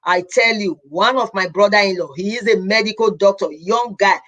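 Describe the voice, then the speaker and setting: A woman's voice: medium pitch, moderate pace, fairly bright tone. Earnest Nigerian woman pleading on a live stream. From Edo State, Nigeria. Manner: earnest, pleading, repeats words, mixes in Pidgin. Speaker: healthcare professional hosting a live stream. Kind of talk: casual live-stream address.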